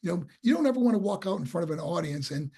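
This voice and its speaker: He races through his story in a high, creaky, husky voice: a New York State man and one-time boxer, appearing as a guest in a casual interview. He animatedly acts out the voices of people he quotes, and his excitement shows in repeated and restarted words.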